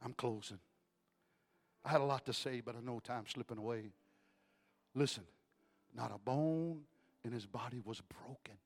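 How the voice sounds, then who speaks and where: A male evangelist preaching in a church, telling a story emphatically and rising to shouts. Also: mid-range voice, moderate pace, pauses often. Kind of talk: storytelling sermon.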